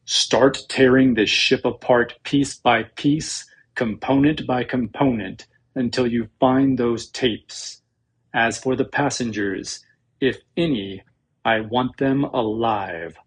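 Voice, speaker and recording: A man voicing a menacing armored dark lord who growls out slow, low threats in a husky voice. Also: fairly even intonation.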